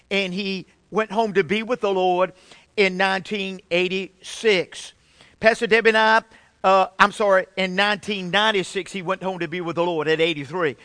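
Middle-aged man, pastor preaching, high voice, dry close sound, emphatic. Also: fairly bright tone, dry recording. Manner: preaching with rising emphasis, calls for amens. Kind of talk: sermon.

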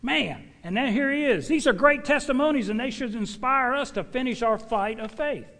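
Middle-aged man, fairly high-voiced preacher, folksy and fiery, recorded in a reverberant church hall. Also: normal speed. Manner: emphatic, folksy, swings from loud exhortation to low asides. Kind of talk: sermon with personal testimony.

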